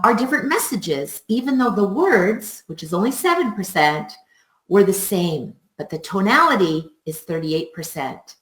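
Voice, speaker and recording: A woman teaching music teachers in a live webinar, upbeat and expressive, laughing often. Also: medium pitch. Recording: roomy echo.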